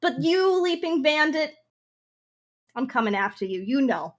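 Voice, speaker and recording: A woman's voice: a little high, lively intonation, measured pace, a bit bright. A woman playing a cocky acrobatic superstar wrestler, taunting her rival in rambling improvised trash talk.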